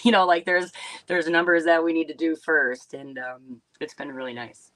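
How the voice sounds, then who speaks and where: A woman's voice: low-pitched, steady tone, moderate pace, fairly bright tone, no room sound, low-quality recording. A woman from Wisconsin hosting a casual livestream, talking in a rambling, chatty way with lots of fillers and asides to her viewers. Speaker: livestream host and business owner.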